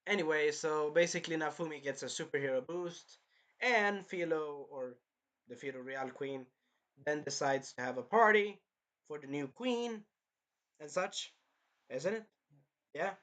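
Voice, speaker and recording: A man's voice: a little high, unhurried, long pauses, fairly bright tone. A man giving a casual, rambling, jokey recap of an anime episode as a reviewer.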